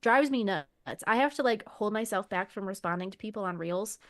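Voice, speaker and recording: A woman's voice: medium pitch, animated, normal speed. A woman co-hosting a motorsport podcast, talking in a blunt, profane, opinionated way. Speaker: podcast co-host. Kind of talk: casual chat.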